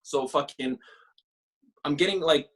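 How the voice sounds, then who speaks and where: A young man from Canada talks casually as a podcast guest, swearing freely and leaning on filler phrases. His voice sits a touch higher than most men's, and his delivery is animated. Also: measured pace, a little hiss or hum. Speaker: podcast guest, former pro baseball player. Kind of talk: casual interview storytelling.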